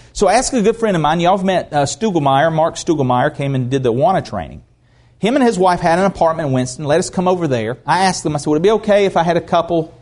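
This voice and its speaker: A man preaching a sermon in a folksy, animated storytelling manner. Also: on the high side.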